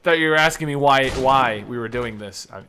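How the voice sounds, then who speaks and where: A man casually commentating a video game, joking, excitable and often laughing. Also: medium pitch, brisk, slight background noise. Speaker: gameplay commentator. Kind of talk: casual let's-play commentary.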